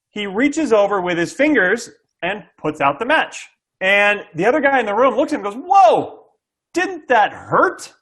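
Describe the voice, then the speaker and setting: A middle-aged man with a high-pitched, fairly bright voice is the guest, a SaaS sales coach. Talking to an interviewer, he explains sales tactics with energy, role-plays buyer dialogue, and often checks in with "okay?".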